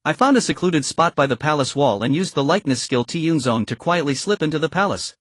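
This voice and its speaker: A man reading a first-person martial arts story as an audiobook narrator, in an even storytelling manner. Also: fairly high pitch, fairly quick, dry recording.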